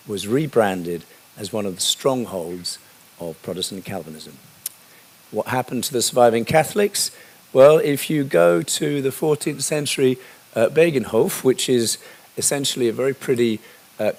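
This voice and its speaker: A man's voice: medium pitch, a little mellow. A man giving a history lecture in a conversational way, with frequent fillers and asides.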